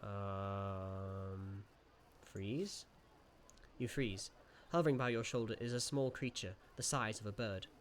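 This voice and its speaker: A man streaming a gamebook playthrough, reading the passages aloud and musing between them in an animated way. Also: on the low side, measured pace, a little hiss or hum.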